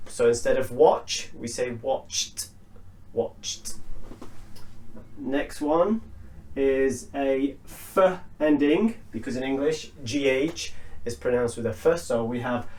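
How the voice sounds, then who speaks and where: A man teaching an English pronunciation lesson, speaking slowly and patiently and repeating each word so learners can copy it. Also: mid-range voice, a little mellow. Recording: roomy sound from a distance.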